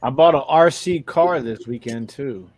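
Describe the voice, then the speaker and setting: A man's voice: medium pitch, measured pace, no room sound. A man chatting casually about reselling, telling stories in a rambling way with many fillers. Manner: rambling storyteller, filler-heavy. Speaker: reseller host.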